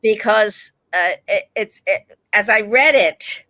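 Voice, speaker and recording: A woman who directs plays, chatting in an interview and speaking in an unhurried, reflective way. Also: medium pitch, pushed and bright, no room sound. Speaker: stage director. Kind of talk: casual interview chat.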